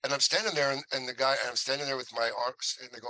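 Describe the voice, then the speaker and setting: A man's voice: medium pitch, fast, hardly any pauses, dry recording, rough recording. An older male actor as interview guest, telling anecdotes casually and acting out the lines of people in them. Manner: animated anecdote teller, acts out quoted lines.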